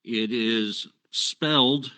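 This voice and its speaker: A man serving as county commissioner at a public meeting. He brings in a resolution with halting, filler-laden remarks, then reads it in a steady, formal way. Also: medium pitch, rough recording.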